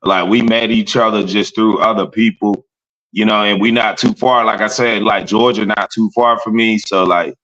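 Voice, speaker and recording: A man's voice: fairly low pitch, steady tone, moderate pace, a bit bright, lo-fi sound. A man, a country rap artist as a podcast guest, talking in a laid-back way. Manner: laid-back, full of "you know" fillers. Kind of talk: casual podcast chat.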